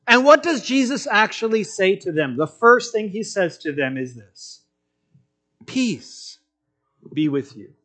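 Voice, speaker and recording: A man preaching a sermon, telling the story in an animated way and acting out quotes in different voices. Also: high voice, moderate pace, few pauses.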